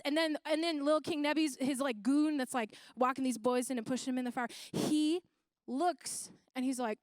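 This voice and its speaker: A woman's voice: high-pitched, animated, fast, no room sound. A young woman giving a playful, slangy youth sermon, retelling a Bible story in casual terms. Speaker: youth speaker.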